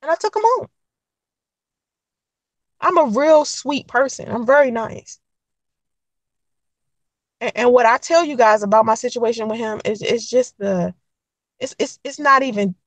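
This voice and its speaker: A young woman telling a dating story to camera in a blunt, profane, animated way, acting out the quotes. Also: a little high, a little slow, long pauses, no room sound, rough recording. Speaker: vlogger giving dating advice.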